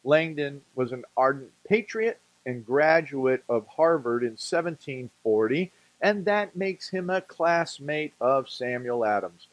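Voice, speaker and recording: A man's voice: medium pitch, lively intonation, measured pace, few pauses, dry recording, poor audio. Folksy guy rambling through some history, repeats himself for emphasis, dry close mic. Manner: rambling, folksy, jokey asides; repeats and restates words for emphasis. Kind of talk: casual talk on colonial history.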